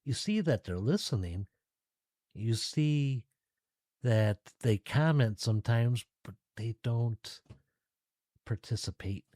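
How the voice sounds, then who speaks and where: A male podcast host talks alone to his audience in a casual, relaxed, chatty way. His voice is warm and dark, and his pace is unhurried. The recording is dry and close. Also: medium pitch, dry recording. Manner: relaxed, chatty, addresses listeners directly. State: tired, yawning. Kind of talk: casual solo podcast talk.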